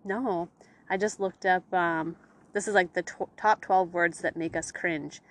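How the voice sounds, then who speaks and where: Young female co-host, low voice, loose chatty delivery, curses casually. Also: fairly even intonation, unhurried. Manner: frank, swears freely, lots of "like". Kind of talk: casual chat.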